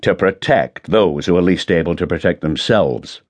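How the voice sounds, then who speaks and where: A man's voice: sits low, moderate pace. A man voicing a blunt, sardonic middle-aged police chief inspector, in an audiobook. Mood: grim.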